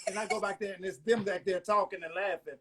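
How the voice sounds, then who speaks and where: A man's voice: sits high, quick pace, very noisy. A man in his forties from Virginia, a guest telling playful stories in a casual interview over a video call. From Virginia, USA. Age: 40s. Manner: playful, animated storyteller.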